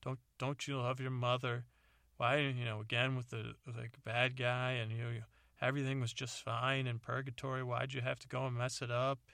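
A man's voice: medium pitch, little pitch movement, moderate pace, creaky, a bit bright, dry recording, studio quality. A man voicing a worried, nagging mother in the afterlife, pleading and scolding her son.

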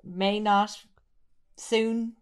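A woman co-hosting a podcast over a remote call from a rented holiday home, playful and quick with wordplay, laughing a lot. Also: mid-range voice, flat delivery, clear, resonant tone. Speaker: podcast co-host. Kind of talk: casual chat.

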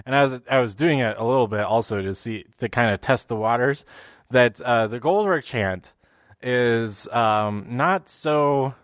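A man in a loose, rambling recap, stumbling through restarts and fillers before landing on his point. His voice sits at an ordinary middle pitch. The sound is close and dry, with no room around it. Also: measured pace, no echo. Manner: puts on silly voices for quotes. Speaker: wrestling recap host. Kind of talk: casual show recap.

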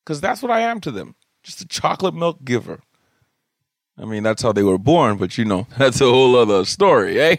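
A young adult man hosting a podcast, telling comic stories about his kids in an animated, jokey way and swearing casually. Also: mid-range voice, a little fast, creaky, no echo, studio quality. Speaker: podcast host. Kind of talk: comedic storytelling monologue. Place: home studio room.

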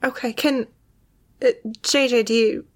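A woman's voice: on the high side, fairly even intonation, measured pace. Hesitant woman playing a tabletop game. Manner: hesitant, stammering. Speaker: player. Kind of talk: tabletop role-play.

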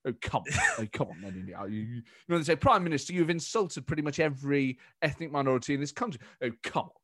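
A man's voice: fairly high pitch, animated, fast, fairly bright tone, no room sound, clean studio sound. A man doing a blustering, stammering posh politician. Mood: mock incredulous. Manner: stammering, chuntering, mock incredulous. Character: blustering bumbling posh male politician, impression.

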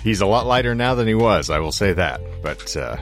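A man co-hosting a podcast with a hoarse, sore throat, telling long rambling stories with wry asides. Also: lowish voice, animated, a little fast, soft background music. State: hoarse throat after illness. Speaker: podcast co-host. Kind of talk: casual podcast chat.

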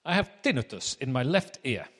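A preacher slips into a stiff, jolly old German academic with a thick put-on accent, clipped and sparing with words. The voice rings out with a long hall echo. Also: male voice, mid-range voice, big pitch swings, fairly quick, a bit bright, slightly rough. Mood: formal, pleased. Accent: mock German accent, put on. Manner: clipped, formal, few words. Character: cheerful older German university head, terse.

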